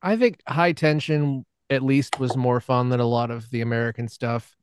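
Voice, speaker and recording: A man's voice: mid-range voice, fairly even intonation, normal speed, smooth, no room sound. A man in a casual podcast film discussion, easygoing and often laughing as he talks. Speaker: podcast panelist.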